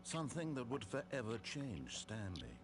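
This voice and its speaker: A man's voice: mid-range voice, huge pitch swings. An actor playing a wry, all-knowing male game narrator who tells the story in a dry, theatrical way and teases the player. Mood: measured. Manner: dry, mocking, drawn-out storytelling.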